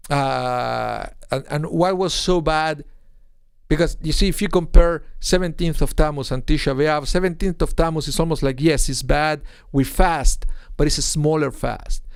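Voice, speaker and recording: Male rabbi, online Torah class; gravelly, slightly high voice, lively and questioning; dry close sound. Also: measured pace, dry recording. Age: adult with a young son. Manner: animated, explains with rhetorical questions and acted-out quotes. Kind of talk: informal online Torah lesson.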